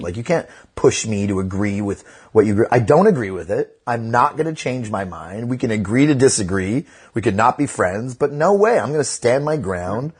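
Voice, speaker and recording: A man's voice: fairly low pitch, darkish tone, slightly rough. A middle-aged man, a comedian guest on a casual podcast interview, talking bluntly and with profanity, and telling stories animatedly.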